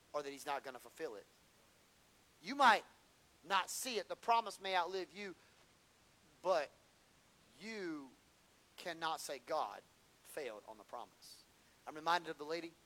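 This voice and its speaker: A man preaching a sermon as pastor, storytelling and building to impassioned shouts. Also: on the high side.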